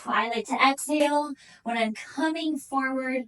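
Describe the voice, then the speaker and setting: Speaking at a measured pace in a high voice with a fairly bright tone, a pilates instructor encourages and counts reps aloud through a workout. She's a bit out of breath, and the audio is poor, with a distant mic.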